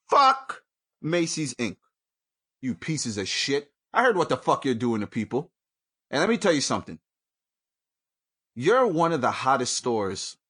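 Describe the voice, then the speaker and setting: Man, angry solo rant, heavy swearing, wildly lively pitch. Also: husky. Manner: angry, profane, swings from shouting to mutters. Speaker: podcast host. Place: at home.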